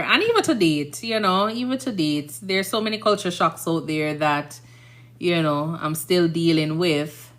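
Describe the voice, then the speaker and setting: A woman's voice: fairly low pitch, a bit bright. A woman in her thirties with a Jamaican accent, a nurse chatting casually on a live stream, rambling and often asking "you understand?".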